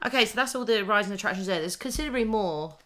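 A woman's voice: mid-range voice, animated, rapid-fire, fairly bright tone. A woman co-hosting a podcast in casual chat, talking freely with many ums and restarts. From United Kingdom. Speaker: podcast co-host.

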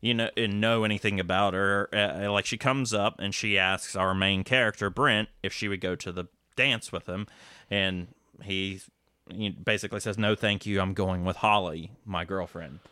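A man's voice: fairly low pitch, steady tone, normal speed, pushed and bright, clean tone, no room sound, studio quality. A man casually recapping a movie plot on a podcast, rambling with lots of fillers and restarts. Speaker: podcast co-host.

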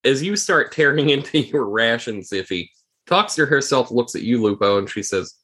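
A man narrating a tabletop game as game master, describing scenes calmly. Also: mid-range voice, normal speed.

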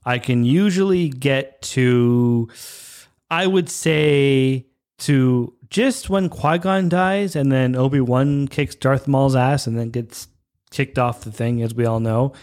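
Canadian guy in his 30s ranting on his podcast, rambly, keeps cutting himself off, voice swinging way up and down. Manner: animated, rambling, self-interrupting, swings pitch up when irritated. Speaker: podcast host. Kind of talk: casual monologue rant.

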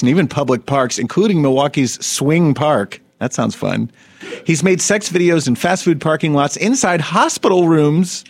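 A man co-hosting a podcast, reading odd news stories aloud with laughing, joking asides. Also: medium pitch. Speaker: podcast co-host. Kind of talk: casual comedic news chat.

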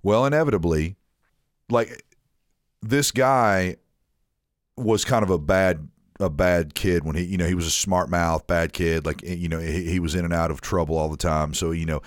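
Deep-voiced rambling male podcast host. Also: moderate pace, no echo, studio quality. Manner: rambling storyteller with many restarts and fillers. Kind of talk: casual podcast chat.

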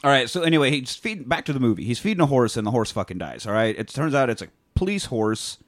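A man's voice: medium pitch, animated, quick pace, dry recording, studio quality. A man co-hosting a casual podcast, rambling and laughing as he retells a comedy film scene by scene. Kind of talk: casual chat.

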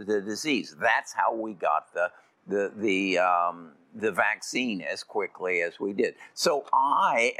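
Older man, bright and forceful. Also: fairly low pitch, dry recording. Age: 70s. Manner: repeats words and restarts, emphatic. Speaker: investor. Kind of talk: explaining investment views.

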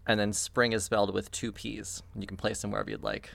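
A man narrating a tabletop game as game master, matter-of-fact and deadpan. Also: fairly low pitch, a little fast, creaky, no room sound.

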